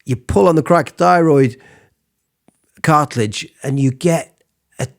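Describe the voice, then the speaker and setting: A man giving a casual singing lesson, explaining vocal technique between falsetto sung examples. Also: unhurried, vocal fry. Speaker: singing teacher.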